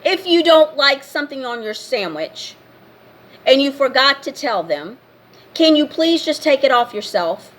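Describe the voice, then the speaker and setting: A woman's voice: high voice, animated, measured pace, a bit bright. Blunt, scolding woman ranting to camera. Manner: blunt and scolding, repeating herself. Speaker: vlogger. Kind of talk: casual rant to camera.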